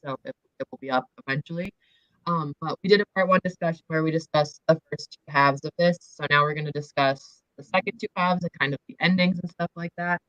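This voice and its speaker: A young woman with a low voice, a little croaky from losing it, chatting casually as host of a livestream book discussion. She rambles along with plenty of "um" and "like". The sound is dry and a bit muffled, as from a home computer mic. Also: brisk, fairly bright tone, no echo. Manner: chatty, lots of fillers like "um" and "like". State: slightly croaky, losing her voice. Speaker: booktube host.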